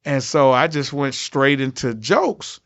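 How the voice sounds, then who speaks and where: A man's voice: mid-range voice, animated, unhurried, fairly bright tone. A man, a comedian guest, telling a story in a podcast interview, acting out other people's lines with big jumps in his voice. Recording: slightly dull lo-fi audio.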